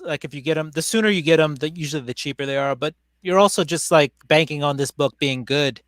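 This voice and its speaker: A man with a somewhat high voice chats in a relaxed, halting way, filling pauses with "like" and "so". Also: dry recording. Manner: relaxed, hesitant, with many fillers. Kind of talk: casual late-night chat.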